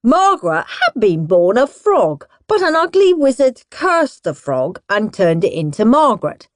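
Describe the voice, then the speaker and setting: A woman narrating a children's audiobook in an expressive, playful way. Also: fairly high pitch, unhurried, hardly any pauses, no echo, studio quality, faint music behind. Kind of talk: scripted storybook narration.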